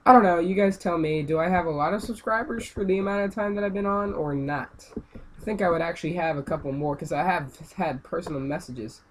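A young man giving casual gameplay commentary, rambling and then yelling and ranting at the game. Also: a little high, brisk. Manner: rambling, yells and rants at the game. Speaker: gaming channel host. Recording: noisy amateur home recording.

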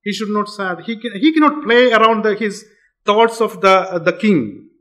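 A man preaching a sermon in a church, halting with frequent fillers and restarts. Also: high voice, bright, forceful tone. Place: church hall.

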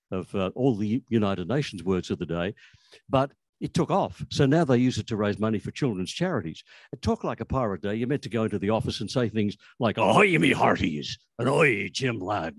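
An older Australian author talks about the history of language in a conversational, anecdotal way, often restarting his sentences. His voice is fairly low and a little mellow, recorded dry.

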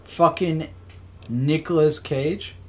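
A man streaming a game live, giving excitable, jokey commentary, swearing and laughing often. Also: fairly high pitch, takes it slowly.

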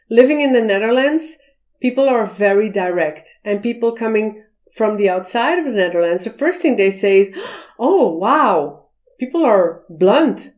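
A woman explaining cultural communication in a video lesson, acting out example phrases as she goes. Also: fairly high pitch. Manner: slow, deliberate explaining, acting out quoted voices. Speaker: cross-cultural communication teacher.

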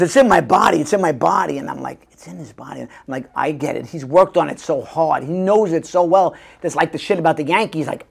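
A man's voice: fairly high pitch, creaky, husky. A middle-aged male actor telling stories in a casual interview, acting out the voices of people he quotes. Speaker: guest actor.

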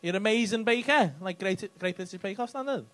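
Here the comic's high-sitting voice has a fairly bright tone and moves a little fast. He's doing crowd work at a club, chatting with audience members in a teasing, foul-mouthed way while faint laughter rises in the background.

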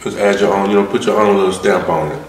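A man chats casually while he eats, relaxed and a little mumbled between mouthfuls. His voice sits very low. The room is echoey, with a faint hiss behind him. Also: quick pace. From Atlanta, US. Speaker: mukbang host. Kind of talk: casual eating vlog chat. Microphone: close mic for eating sounds. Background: eating and crunching sounds.

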